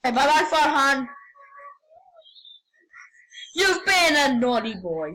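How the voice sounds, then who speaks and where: A woman giving casual, rambling game commentary, excitable and prone to sudden yelps and shouts. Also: high voice, takes it slowly, low-quality recording. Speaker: gamer.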